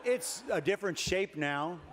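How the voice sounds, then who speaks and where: An older man giving a comic keynote speech at a dinner, deadpan and wry, building his jokes with pauses. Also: high voice. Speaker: keynote speaker. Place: large banquet hall with a dinner audience. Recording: reverberant banquet hall, faint room noise.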